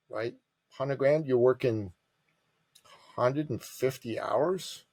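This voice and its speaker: A man telling a business story as a podcast guest, animated and emphatic, calling the listener brother. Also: mid-range voice, no echo.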